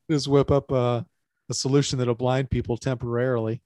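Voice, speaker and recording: A man's voice: medium pitch, mellow, no echo. Wry, chuckling male podcast co-host. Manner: wry and joking, recaps the plot, chuckles often. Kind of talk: casual movie breakdown chat.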